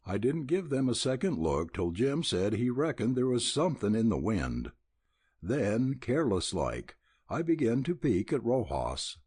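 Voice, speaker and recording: A man's voice: mid-range voice, sing-song, measured pace, darkish tone, husky, no echo, studio quality. A man voicing a talkative, boastful young with an in an audiobook. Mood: folksy. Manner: drawling, folksy.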